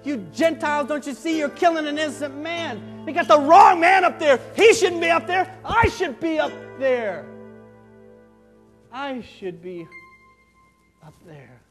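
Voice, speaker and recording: A man acting out a tough, streetwise ex-criminal who tells his story in coarse, colloquial speech, lurching from booming outbursts to near whispers. The voice sits high for a man. It rings through a church sanctuary with a long echo and faint music underneath. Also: normal speed. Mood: impassioned. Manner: coarse colloquial talk, swinging from loud outbursts to hushed tones. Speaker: pastor. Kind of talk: first-person dramatic monologue in a sermon.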